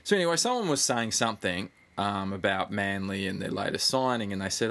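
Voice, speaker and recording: Young aussie bloke chatting on a podcast, swears a lot, big pitch swings. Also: male voice, brisk, gravelly, few pauses. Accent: Australian. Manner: animated storytelling with laughs and swearing. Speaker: podcast co-host. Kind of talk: casual chat.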